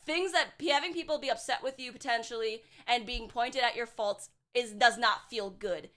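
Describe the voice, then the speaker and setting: A woman's voice: on the high side, normal speed, bright, forceful tone. A young woman streaming as a VTuber, chatting casually and bluntly with her chat, swearing and sarcastic, full of filler words.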